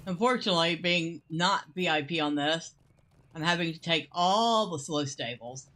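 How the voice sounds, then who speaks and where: A woman's voice: deep voice, expressive, fairly bright tone. A woman giving casual, chatty gameplay commentary as she plays, musing aloud as she goes. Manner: chatty and unhurried, muses aloud, laughs easily. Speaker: gameplay host.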